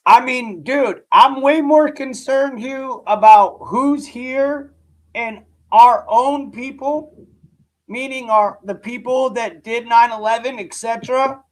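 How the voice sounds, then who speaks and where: A man whose voice is nearly gone talks slowly and rambles through a casual live reaction stream. He keeps repeating himself and calling people "dude" in a loose, conversational way. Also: very high-pitched, rough recording.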